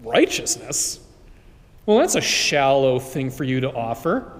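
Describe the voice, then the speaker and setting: A man's voice: mid-range voice, big pitch swings, moderate pace, natural voice. A male priest voicing a tired ordinary man who brushes off each offer dryly, in a church. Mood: unimpressed. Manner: dry, dismissive. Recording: long church reverb.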